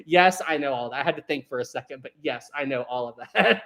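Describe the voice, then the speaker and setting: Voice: medium pitch, expressive, moderate pace, fairly bright tone. A livestream host chatting casually, reading chat aloud, laughing often and trailing off while hunting for words. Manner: hesitant, lots of fillers while searching for words. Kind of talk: casual live stream chat.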